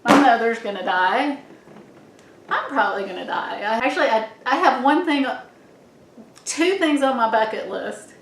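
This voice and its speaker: A woman's voice: a little high, lively intonation, normal speed, long pauses, slight background noise. Musing middle-aged woman in an echoey room. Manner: meandering, musing, often restarts and trails off. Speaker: vlogger. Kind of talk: rambling reflective monologue.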